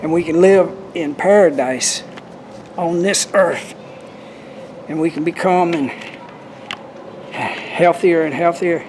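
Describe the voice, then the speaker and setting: A man's voice: a little high, takes it slowly, pauses often, noisy background. A man with a Southern US accent tells a personal story and shares his spiritual views in an earnest, folksy, rambling way, filming himself outdoors on a handheld camera. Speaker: vlogger. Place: outdoors in cold wind. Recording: background music under the voice.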